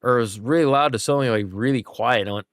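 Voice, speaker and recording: A man's voice: medium pitch, rapid-fire, crowd noise. A young man streaming games, chatting casually and acting out voices as he tells a story. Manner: chatty, animated, acts out voices in anecdotes.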